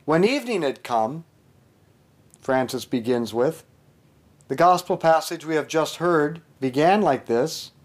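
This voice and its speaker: Male prayer leader, slightly high voice, measured and earnest delivery. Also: animated. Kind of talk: reading a meditation and leading prayers.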